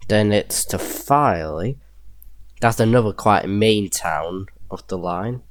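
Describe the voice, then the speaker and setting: A man's voice: lowish voice, takes it slowly, no room sound. A young man with a Yorkshire accent, casually thinking aloud while building a train map in a game, chuckling to himself now and then. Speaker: gameplay video creator. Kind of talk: casual gameplay commentary.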